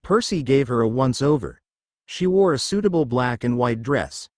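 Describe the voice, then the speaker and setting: Male narrator, lively pitch, dry close sound, fan-fiction reading. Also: normal speed, dry recording.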